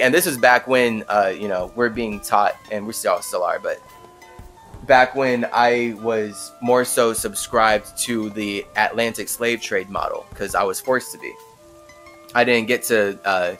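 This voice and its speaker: A young man hosting a podcast, telling a story in an animated, casual way with frequent fillers. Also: mid-range voice. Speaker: podcast host. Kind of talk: casual monologue.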